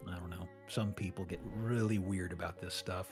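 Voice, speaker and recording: A man chatting as a guest, telling stories in a rambling, animated way with many restarts. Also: low-pitched, moderate pace, over loud music. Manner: rambling, animated storytelling with laughs. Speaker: guest streamer. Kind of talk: casual chat.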